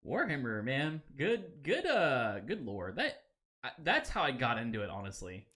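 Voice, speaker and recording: A man's voice: medium pitch, huge pitch swings, moderate pace, pushed and bright. A man co-hosting a podcast in casual, rambling chat, laughing often between thoughts. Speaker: podcast co-host.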